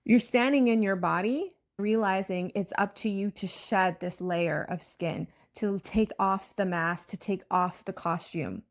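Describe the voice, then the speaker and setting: A woman's voice: medium pitch, a little slow, hardly any pauses. A woman coach giving an earnest, reflective motivational talk with a spiritual bent.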